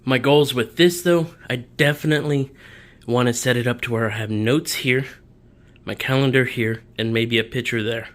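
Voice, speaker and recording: A man's voice: medium pitch, steady tone, normal speed, a bit bright. A young man, casually touring his home office in a vlog, his breathing audible as he talks.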